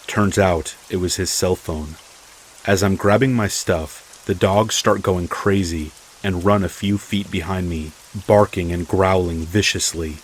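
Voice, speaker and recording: A man narrating a first-person true horror story in a steady, measured way. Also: low voice, a little hiss or hum, low-quality recording. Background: rain.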